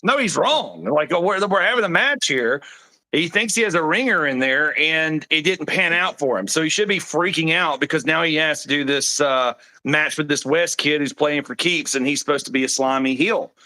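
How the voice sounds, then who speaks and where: A man's voice: on the high side, animated, normal speed, sharp tone. A man co-hosting a wrestling reaction stream, riffing casually with lots of fillers and swearing. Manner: profane, filler-heavy, jokey. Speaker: wrestling show co-host.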